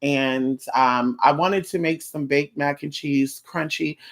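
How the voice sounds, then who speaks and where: A live streamer chatting casually with viewers, sassy and campy, calling them girl and honey, swearing freely and rambling from topic to topic. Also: medium pitch. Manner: sassy, campy, drawn-out endearments, frequent profanity.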